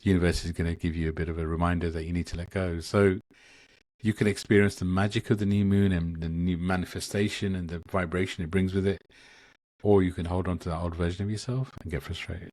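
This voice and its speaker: Deep-voiced man, earnest and rambling. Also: steady tone, quick pace, a little mellow, dry recording. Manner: earnest, rambling with frequent restarts. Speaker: guest, Akashic Records channel. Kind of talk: casual spiritual conversation.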